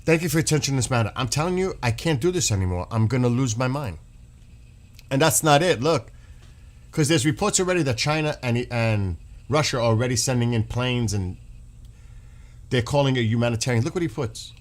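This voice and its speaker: A man's voice: mid-range voice, lively intonation, a little fast. A man ranting in exasperated, sarcastic political commentary, swearing as he reads posts aloud and mocks them. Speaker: streamer reacting to news.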